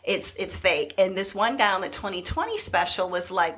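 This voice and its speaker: A woman's voice: moderate pace, few pauses. Chatty woman retelling a story with animation. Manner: animated storytelling, acts out quotes, drops into a deep whisper to imitate. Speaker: podcast co-host. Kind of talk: casual chat.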